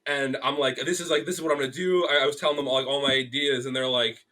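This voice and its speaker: A young man with a bright, forward voice tells a story in easygoing podcast chat. He acts out what people said, full of "like" and quick restarts. His pitch sits mid-range for a man. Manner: animated storytelling, acts out quotes, many fillers. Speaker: podcast guest, graphic artist. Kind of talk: casual chat.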